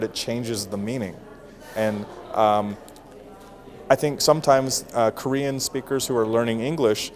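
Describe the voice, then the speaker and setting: A man in his thirties who teaches English at university, answering interview questions about giving speeches in a relaxed, explaining way. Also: mid-range voice. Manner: casual, explanatory, with fillers and restarts. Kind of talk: interview answers on public speaking.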